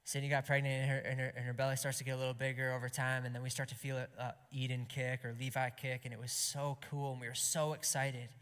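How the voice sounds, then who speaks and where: A man preaching an impassioned sermon to a gathering, swinging between loud emphasis and hushed whispers. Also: mid-range voice, level tone, quick pace, hardly any pauses, clean tone. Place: gathering hall. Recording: long hall reverb.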